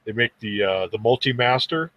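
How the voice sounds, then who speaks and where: A man's voice: medium pitch, lively intonation, moderate pace, dry recording, dull audio. A man hosting a casual podcast chat, rambling easily through stories with stammers and restarts.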